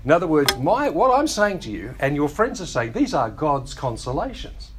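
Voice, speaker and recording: A man preaching from the pulpit, his slightly high voice rising and falling in a lively, animated way. He often slips into short acted-out quotes and wry asides as he teaches, and a faint hiss of background noise sits beneath him. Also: moderate pace. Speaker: pastor. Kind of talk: sermon teaching.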